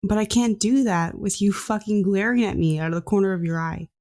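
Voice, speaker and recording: A woman's voice: medium pitch, fairly quick, darkish tone, lightly acted. A woman voicing a defensive, exasperated half-elf female mage. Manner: terse, exasperated.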